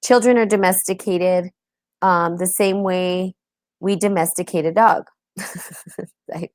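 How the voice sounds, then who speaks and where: A woman's voice: fairly low pitch, fairly even intonation, a little slow, no echo. Chatty woman hosting a live stream. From United States. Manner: open, chatty, greets viewers by name. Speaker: host. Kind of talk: casual live-stream talk.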